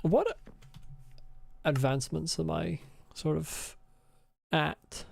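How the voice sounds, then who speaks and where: A man's voice: a little high, animated, slow, creaky, slightly rough, no room sound. A man streaming a video game, muttering his plans to himself, swearing freely and answering chat. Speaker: let's play streamer. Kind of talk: casual live gaming chat.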